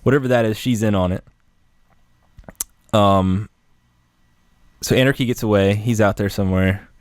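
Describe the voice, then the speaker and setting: A man co-hosting a podcast, recapping TV scenes in casual chat with quick acted-out bits of dialogue and easy swearing. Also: lowish voice, no echo, clean studio sound. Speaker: podcast co-host.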